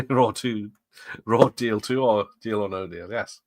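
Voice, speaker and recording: With a fairly low voice and a measured pace, this middle-aged host chats casually through a watch party, reading the chat aloud, laughing frequently, and wandering off on tangents. The audio has no echo.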